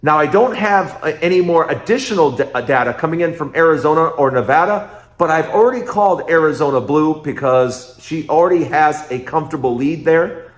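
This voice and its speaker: Guy ranting on his politics show, kinda high voice, keeps repeating stuff for punch, roomy echo. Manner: repetitive, emphatic, fast rhetorical bursts. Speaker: political commentary host. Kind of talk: casual political commentary.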